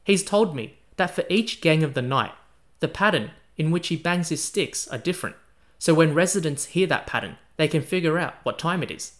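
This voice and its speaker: A man's voice: a little high, animated, moderate pace. A man hosting a history podcast, telling a first-person story in a chatty, casual way. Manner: chatty, casual, uses slang. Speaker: podcast host.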